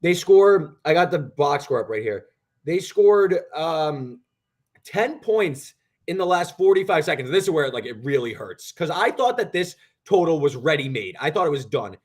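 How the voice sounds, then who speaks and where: Young dude on a betting podcast, kinda high voice, rambling and animated, lots of "like". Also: male voice, moderate pace. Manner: animated, rambling storytelling with many "like"s. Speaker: sports betting co-host. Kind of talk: casual podcast chat.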